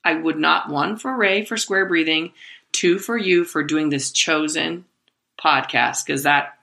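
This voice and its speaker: A woman's voice: deep voice, a little slow, gravelly. A woman co-hosting a podcast, telling a story in casual chat and acting out the voices of the people in it. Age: adult, mother of a twelve-year-old. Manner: animated storyteller, acts out quoted voices. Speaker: podcast co-host.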